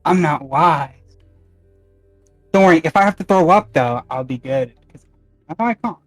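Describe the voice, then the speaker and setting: A man's voice: a little high, expressive, normal speed, dry recording, clean studio sound, faint music behind. A man playing in a tabletop game, joking dryly and rambling. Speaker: player.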